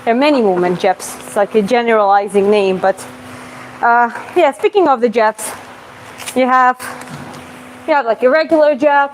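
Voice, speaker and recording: Woman boxing coach, somewhat high voice. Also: moderate pace, pauses often, slight background noise, low-quality recording. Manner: explains casually, punctuates punches with "boom, bum" sounds. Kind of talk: live Q&A while demonstrating combos. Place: boxing gym with a punching bag.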